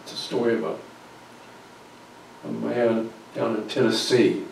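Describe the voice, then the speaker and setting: A man's voice: mid-range voice, completely flat delivery, measured pace, vocal fry, darkish tone, a little hiss or hum. Man preaching a story in an echoey church. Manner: acts out quoted voices, drops to near whispers. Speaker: guest speaker. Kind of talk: storytelling sermon. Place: church sanctuary. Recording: very echoey church recording from far off.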